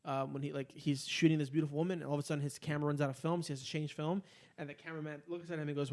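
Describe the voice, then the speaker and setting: A man's voice: on the high side, racing, hardly any pauses. A man co-hosting a podcast in casual chat, swearing freely and rambling with fillers. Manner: profane, rambling, animated ranting. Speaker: podcast co-host.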